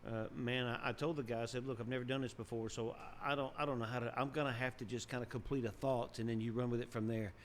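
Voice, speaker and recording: A man spins stories in a loose, chatty way, laughing along and pushing his voice up high when he hits a punchline. His pitch sits mid-range, and a faint hum of ambient noise runs under the recording. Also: quick pace, hardly any pauses. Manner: animated, laughs often, voice jumps up for punchlines. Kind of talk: storytelling, casual chat.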